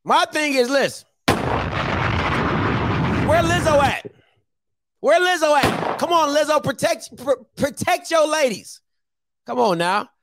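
A man's voice: very high voice, expressive, slow, pauses often, heavy background noise. A man hosting a call-in show, talking bluntly and confrontationally and repeating his phrases. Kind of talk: heated call-in commentary.

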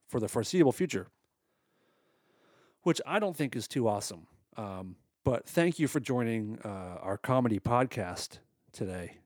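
A man's voice: on the low side, a little mellow, dry recording, studio quality. A married man hosting a comedy podcast, talking in a casual monologue that is exasperated, sarcastic and full of swearing. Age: adult, married.

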